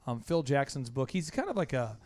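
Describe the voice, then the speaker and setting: A male podcast host chatting casually in a home basement room with concrete floors, talking with energy and rattling off long rapid lists. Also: mid-range voice, big pitch swings, a little mellow. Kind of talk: casual interview chat.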